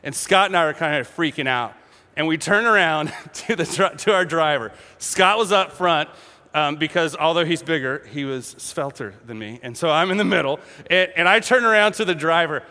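Animated high-voiced male preacher in a hall. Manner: animated storytelling, acting out voices, laughing. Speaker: pastor. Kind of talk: sermon.

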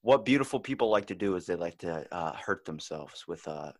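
A man's voice: sits low, lively intonation, a little fast. A man asking earnest questions as a guest in casual podcast banter.

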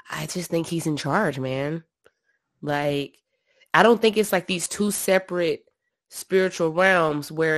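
A woman casually retelling Bible stories, slangy and animated, acting out the characters' lines. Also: on the low side, no echo, clean studio sound. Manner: animated storyteller, slangy, acts out quotes. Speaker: podcast co-host discussing scripture. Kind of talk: casual Bible discussion chat.

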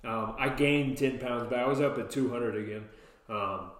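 A man's voice: medium pitch, moderate pace. Hyper jokey man in an echoey church. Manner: hyper and jokey, hyped up on caffeine. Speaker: podcast co-host. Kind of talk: casual chat. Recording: very echoey room.

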